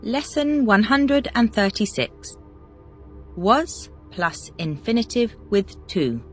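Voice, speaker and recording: A teacher runs a language drill, reading out single vocabulary words and then firing brisk questions. The voice sits at a middle pitch, its intonation swings widely, and faint music plays underneath. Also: sing-song. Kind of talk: scripted question-and-answer drill.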